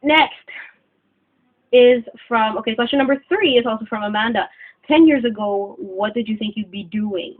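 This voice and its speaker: A woman's voice: on the high side, moderate pace. A woman, chatting casually and rambling with lots of fillers in a vlog. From Philippines. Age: 20s. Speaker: vlogger. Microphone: cell phone camera. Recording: tinny phone-like lo-fi audio.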